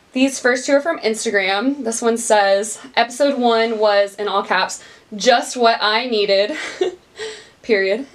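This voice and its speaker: A woman's voice: a little high, a bit bright. A young woman hosting her own podcast, upbeat and bubbly, laughing often and talking straight to her listeners. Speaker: podcast host. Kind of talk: casual solo podcast chat. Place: small recording studio.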